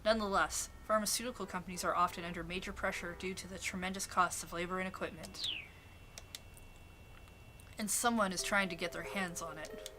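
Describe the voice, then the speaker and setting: A woman streamer reading a visual novel aloud, steady narration with asides. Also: lowish voice, brisk, background noise. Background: game music.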